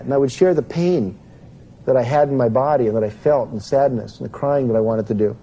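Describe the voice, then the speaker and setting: A man's voice: mid-range voice, brisk, mellow, rough recording. A man giving a live self-help seminar, explaining step by step and putting questions to his audience.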